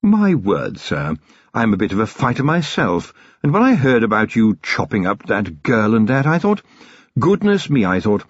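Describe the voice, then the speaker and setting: Man voicing a cheerful menacing manservant, chatty street fighter, lively pitch, husky voice, storybook reading. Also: drawn-out words, hardly any pauses, dry recording, lo-fi sound, full character voice. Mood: cheerful menace. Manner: chatty, friendly, quietly threatening.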